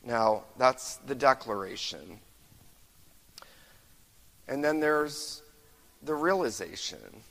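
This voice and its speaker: Male pastor, impassioned sermon, mid-pitched voice, long hall reverb. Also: sing-song, vocal fry, a bit bright. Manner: impassioned preaching, slows for quoted verses and rises in volume. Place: church sanctuary.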